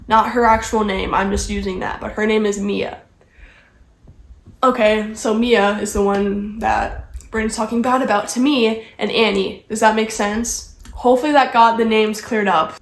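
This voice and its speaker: A young woman vlogger telling a story in a casual, rambling, frustrated way, with lots of filler words. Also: fairly high pitch. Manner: rambling, frustrated retelling full of "like". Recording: echoey room.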